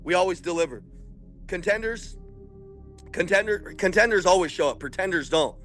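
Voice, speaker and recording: Fired-up high-voiced male sales coach. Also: animated, moderate pace, faint music behind. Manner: intense, preachy, builds to shouting. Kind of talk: motivational speech.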